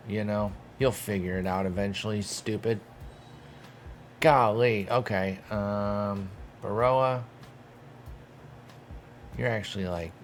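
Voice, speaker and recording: A man's voice: fairly low pitch, slight background noise. A young man giving casual gameplay commentary, talking to himself and the game with exasperated, profane bursts of mock outrage. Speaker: gaming streamer.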